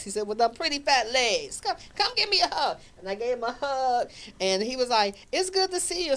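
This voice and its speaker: A woman, hosting a radio talk show, tells a story in casual chat and acts out the voices in it. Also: a little high. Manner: animated, laughing, acts out quoted voices.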